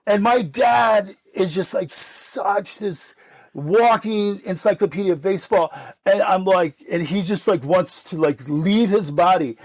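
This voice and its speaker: An animated middle-aged American man speaking as a podcast guest. His voice sits high, with a gravelly edge. He is recorded close and dry, and he laughs often as he acts out the other people in his stories. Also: no echo. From United States. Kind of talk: candid recovery storytelling.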